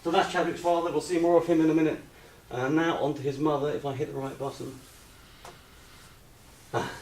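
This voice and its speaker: A man giving a slide presentation to an audience, hesitant with many ums, relaxed and gently humorous. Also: on the high side, a little fast. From United Kingdom. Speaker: lecturer. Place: retreat lecture room with audience. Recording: roomy echo, distant mic, faint hiss.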